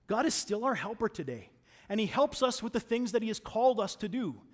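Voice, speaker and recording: Male preacher, fairly high voice, chatty sermon delivery, swings between loud emphasis and soft asides. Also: big pitch swings, brisk. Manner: conversational, repeats words when restarting.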